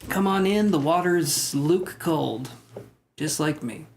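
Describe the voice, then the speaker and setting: A man's voice: on the high side, slow, darkish tone, a little hiss or hum. Joking, rambling man chatting on a livestream. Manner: rambling, self-deprecating, joking with chat. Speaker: tarot livestream host. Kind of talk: casual live-stream chat reading comments.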